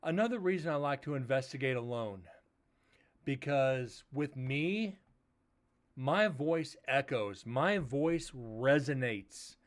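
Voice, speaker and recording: A man hosting a paranormal livestream, chatting casually and rambling a little, with a loud voice that he says carries far. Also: medium pitch, animated, takes it slowly. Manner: rambling, laid-back talk with fillers. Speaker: paranormal investigator host.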